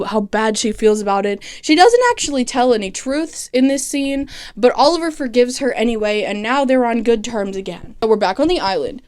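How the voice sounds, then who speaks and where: A woman recapping a TV series in casual chat, animated and sarcastic, swearing freely and mimicking characters in quick asides. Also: a little high, clear, resonant tone. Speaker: TV recap vlogger.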